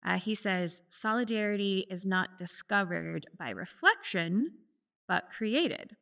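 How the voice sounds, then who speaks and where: A woman hosting a podcast, speaking in a relaxed, hesitant way with frequent ums. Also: mid-range voice, takes it slowly, creaky. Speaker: podcast host, actress. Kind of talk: casual conversation.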